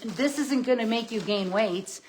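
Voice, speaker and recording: A woman coaching on plant-based eating during a grocery haul vlog, energetic and punchy, with repeated catchphrases and "okay?" at the end of lines. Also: a little high, a little slow, slight background noise. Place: home with groceries.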